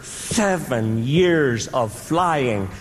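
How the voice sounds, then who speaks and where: A man performing stand-up comedy, telling a story with dramatic pauses and sound effects, recorded live in a large hall. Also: mid-range voice, lively intonation, heavy background noise. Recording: live hall with audience ambience.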